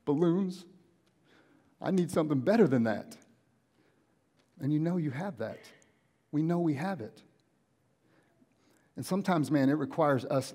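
A young man preaching a casual sermon in a church auditorium, animated and often acting out everyday conversations in different voices. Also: mid-range voice. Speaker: pastor.

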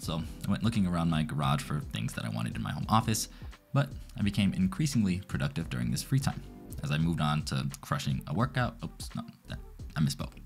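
A man in his thirties giving a calm, reflective voice-over for his vlog, with a slightly self-mocking tone. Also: rumbling low, gravelly. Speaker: physician vlogger. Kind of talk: relaxed voice-over narration.

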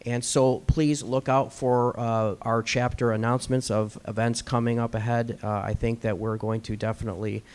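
A man's voice: mid-range voice, flat delivery, moderate pace, hardly any pauses, darkish tone, smooth. A young man, a student organizer, greeting the speaker and making a formal announcement in a law school lecture room.

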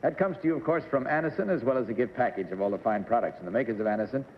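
A middle-aged man hosting a television game show with genial, brisk announcements. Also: medium pitch. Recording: dull 1960s TV broadcast, hall reverb, faint hiss.

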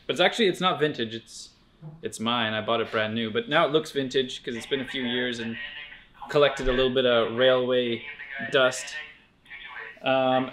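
A man's voice: medium pitch, slight background noise. Male store staffer, easygoing and chatty, umming through a casual outfit rundown. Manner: relaxed, chatty, hesitant fillers. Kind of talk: casual fit-check vlog.

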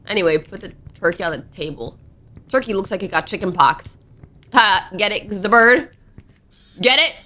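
A young woman narrating a horror game as she plays, excitable and talking to the characters on screen. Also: medium pitch, moderate pace, long pauses. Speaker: gaming YouTuber. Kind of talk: let's play commentary.

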